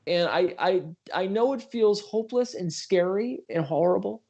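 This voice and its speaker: A man's voice: high voice, lively intonation, moderate pace, dark tone, highs cut off. A middle-aged man hosting a casual livestream, telling stories earnestly and apologizing for talking too long. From Western New York. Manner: earnest storytelling, apologetic, self-deprecating asides. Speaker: political candidate hosting a livestream.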